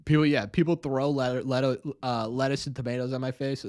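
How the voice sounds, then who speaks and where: A man's voice: medium pitch, fairly even intonation, moderate pace, darkish tone. A young man hosting a casual live stream, rambling, self-mocking and laughing often.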